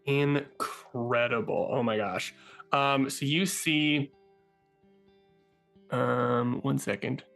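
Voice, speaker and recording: A man narrating as game master for a tabletop game, excitable and halting, with many fillers. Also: mid-range voice, gravelly, soft background music.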